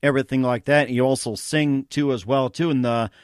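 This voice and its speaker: A man's voice: medium pitch, steady tone, fairly quick, clean tone, dry recording, studio quality. A man hosting an interview, asking long rambling questions padded with fillers. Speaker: host.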